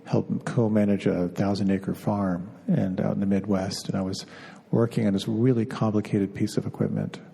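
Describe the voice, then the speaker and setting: Middle-aged meditation teacher guy, low husky gravelly voice, slow and halting, big hall echo. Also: flat delivery, dark tone. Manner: unhurried, halting, often repeats words as he searches. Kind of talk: spiritual talk. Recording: long reverb of a hall.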